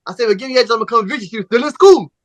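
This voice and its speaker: A man's voice: very high voice, racing, dry recording. A male podcast host telling a long personal story in casual chat, acting out each side of the conversation with plenty of profanity. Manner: animated, profane storyteller, acts out both sides of conversations.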